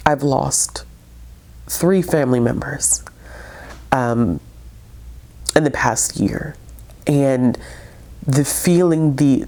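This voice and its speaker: A woman's voice: a bass voice, a little mellow. A woman vlogger talking through her monthly book reviews in a casual, heartfelt way, tearful and full of fillers and restarts.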